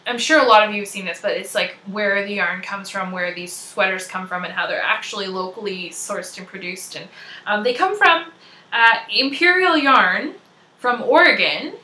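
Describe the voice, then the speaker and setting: Bubbly young Canadian woman, podcast host, high bright voice, echoey room. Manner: bubbly, chatty, giggly. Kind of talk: casual chat.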